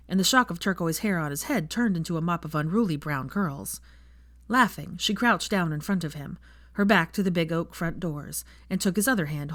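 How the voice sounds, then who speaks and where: A woman narrating a fan fiction audiobook in an expressive storytelling manner. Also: lowish voice, no room sound, studio quality.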